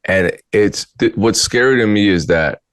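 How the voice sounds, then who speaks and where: Blunt low-voiced man, dry close sound. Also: normal speed, clear, resonant tone, dry recording. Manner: blunt, exasperated, mocking. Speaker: podcast host. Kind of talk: casual commentary.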